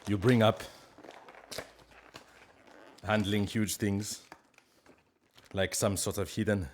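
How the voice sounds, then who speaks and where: A man's voice: lowish voice, level tone, slow pace, a little hiss or hum. A man, chatting casually on a live stream, reading chat and making playful, mock-grand pronouncements.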